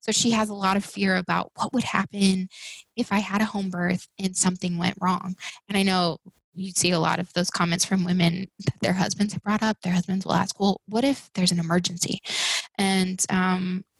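A woman in her thirties, a podcast guest, speaking in a casual conversational way and acting out other people's words in an animated voice while she tells her stories. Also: medium pitch, moderate pace, creaky, no echo, rough recording. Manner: animated storytelling, acts out quoted people in raised voices.

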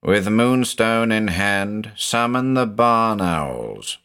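A man voicing a former village greengrocer turned into a droning stone servant, chanting instructions slowly. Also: fairly low pitch, lively intonation, fairly bright tone, clear, resonant tone. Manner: slow, measured chanting of instructions.

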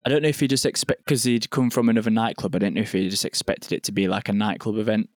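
A young man tells a story in quick, rambling podcast chat, full of "like" and swearing. His voice sits low and barely moves in pitch. The sound is dry and close. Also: fairly even intonation, no echo. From England. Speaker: podcast guest, venue owner.

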